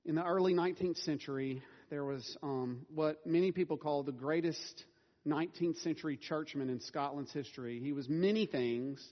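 Conversational pastor in a reverberant hall. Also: male voice, fairly high pitch, normal speed. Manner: conversational, self-deprecating, laughs often. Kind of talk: sermon. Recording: dull sound with long hall reverb.

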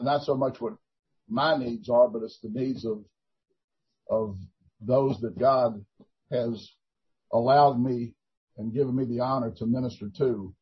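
An older man, a minister giving an earnest, halting testimony in a Christian talk show interview, full of restarts. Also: mid-range voice, breathy edge. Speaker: prison minister. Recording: dull lo-fi recording.

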